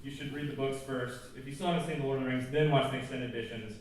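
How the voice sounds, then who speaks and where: A man's voice: mid-range voice, steady tone, rapid-fire. A man giving an informal chapel talk at a school, conversational and joking, with plenty of asides. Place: large school auditorium. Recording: echoey hall, distant mic, faint noise.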